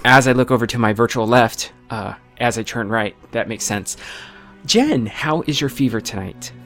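A man's voice: medium pitch, expressive, moderate pace, fairly bright tone, soft background music. A man hosting a gaming podcast, chatting in an upbeat, joking way. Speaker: podcast host. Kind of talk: casual podcast chat.

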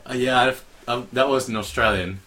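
A man's voice: medium pitch, fairly even intonation, moderate pace, bright, forceful tone. A man chatting casually as a podcast co-host, dry and sardonic. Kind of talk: casual chat.

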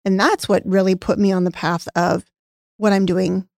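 A woman with a middle pitch and a gravelly fry tells a personal story on a podcast. She talks candidly and re-enacts past conversations, turning emotional at times. Her voice sits close and dry on the mic. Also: little pitch movement, normal speed, dry recording. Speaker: podcast co-host, former nutrition practice owner.

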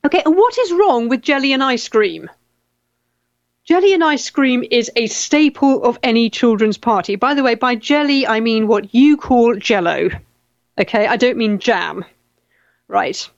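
A chatty middle-aged English woman talks through viewer comments at a casual pace, often stumbling over and repeating words. Her voice sits a little high. The recording is dry and a bit dull, with no room sound. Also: measured pace, no room sound. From England. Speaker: livestream host reading viewer comments. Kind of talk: casual chat.

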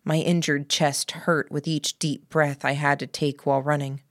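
Woman audiobook narrator, low and slow, dry close sound. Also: little pitch movement, no room sound. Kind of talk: scripted narration.

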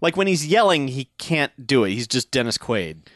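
A man's voice: mid-range voice, normal speed, no room sound, clean studio sound. A man chatting casually as a podcast co-host, laughing often and acting out lines from a film. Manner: animated, laughs often, acts out quotes. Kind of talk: casual movie recap chat.

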